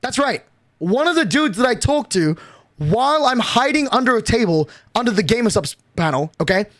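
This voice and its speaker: A young man streaming a storytime recap, excitable and swearing casually with frequent laughs. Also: extremely high pitch, normal speed, dry recording, clean studio sound. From Australia.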